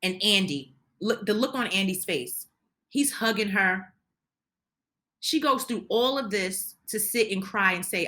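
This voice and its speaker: A woman's voice: mid-range voice, expressive, unhurried, sharp tone. A woman giving an opinionated recap of a reality show, ranting heatedly and indignantly, often restarting her sentences. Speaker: reality TV commentator.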